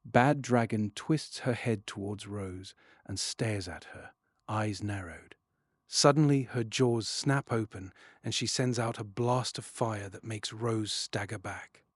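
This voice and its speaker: A man narrating a children's storybook in first person, expressive and dropping to a hush at tense moments. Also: on the low side, takes it slowly, no echo, clean studio sound. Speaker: audiobook narrator.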